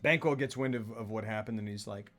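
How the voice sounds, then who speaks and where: Male co-host, low and bright, casual rambling recap with acted quotes, faint music bed. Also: a little fast. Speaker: podcast co-host. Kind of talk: casual film discussion. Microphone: streaming mic.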